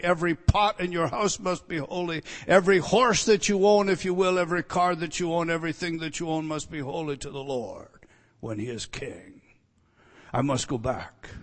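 Impassioned preacher with a high, ringing voice. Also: male voice, long reverb tail. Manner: swings from loud emphatic declarations to hushed, intense near-whispers; direct address to listeners, rhetorical questions. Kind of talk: expository sermon.

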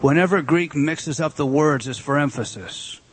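Guy preaching a sermon, punchy, keeps asking the crowd questions, voice a bit high. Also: normal speed, husky. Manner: emphatic preaching, rhetorical questions. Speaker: pastor.

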